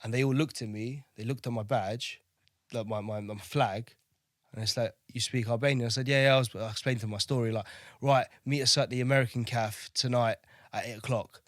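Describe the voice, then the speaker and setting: A man's voice: medium pitch, fairly even intonation, fairly quick, no echo, studio quality. A man in his thirties, a navy veteran from Kosovo, telling war stories as a podcast guest in a chatty way, swearing freely and repeating words as he goes. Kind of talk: casual interview storytelling.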